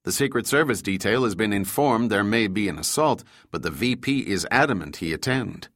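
A male narrator takes on the role of a stern senior intelligence official, speaking firmly and with command, and shouting when crossed. The voice is lowish with lively intonation and a fairly quick pace, recorded cleanly in a studio without room sound.

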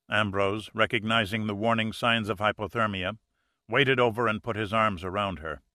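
A man narrating an audiobook in a measured, suspenseful way. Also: on the low side, pushed and bright, no echo, clean studio sound. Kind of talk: scripted narration.

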